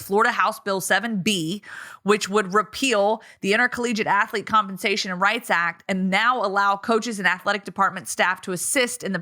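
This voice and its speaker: A woman co-hosting a sports podcast, telling stories in a chatty, animated way. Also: fairly low pitch. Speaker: co-host. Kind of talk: casual sports podcast chat.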